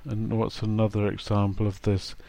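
A man's voice: fairly low pitch, flat delivery, normal speed, vocal fry, dark tone, dry recording. A man giving a chatty, playful grammar lesson, acting out example sentences. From England. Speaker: English teacher.

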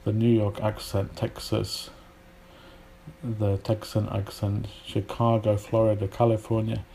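A British man teaching English pronunciation in a podcast lesson, repeating example words aloud slowly with pauses. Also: fairly low pitch, flat delivery, creaky, dark tone, a little hiss or hum. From United Kingdom.

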